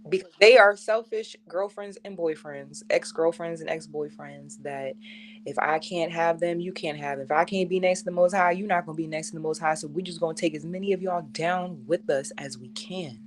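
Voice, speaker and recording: A woman with a low voice chats casually as a co-host. She makes blunt, sarcastic asides in a matter-of-fact way. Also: steady tone, brisk, a little hiss or hum. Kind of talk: casual chat.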